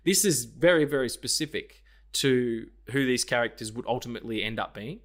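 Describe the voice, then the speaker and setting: A man co-hosting a podcast talks briskly in a medium-pitched voice about a film he's seen. He acts out its lines with animation and doesn't hold back on swearing.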